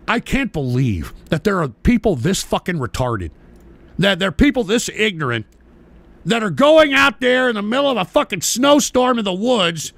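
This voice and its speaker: A man hosting a radio show, delivering profane ranting commentary in an angry, abrasive way. He shouts insults at his listeners and keeps tossing in "all right?". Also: high voice, gravelly, no room sound. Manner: repeats "all right?" as a verbal tic.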